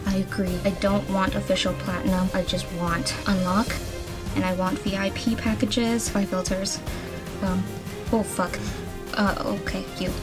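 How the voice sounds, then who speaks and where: A young woman narrating live at her computer at home, anxious and excitable, counting aloud and swearing. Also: mid-range voice, a little slow, music in the background. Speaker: vlogger. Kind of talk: casual live commentary.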